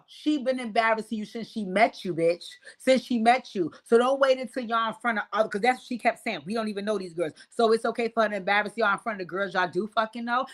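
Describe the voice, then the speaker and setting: A woman hosting a casual reality-show recap, talking in a brash, profane, animated way. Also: fairly high pitch. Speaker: host.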